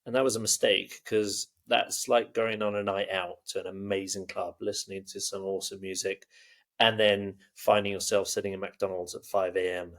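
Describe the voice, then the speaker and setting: A man talking football on a podcast in a low, gravelly voice. He rambles loosely, full of fillers, and drops dry jokes as he goes. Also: flat delivery, normal speed, fairly bright tone. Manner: rambling, jokey, heavy on fillers. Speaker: podcast co-host. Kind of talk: casual football chat.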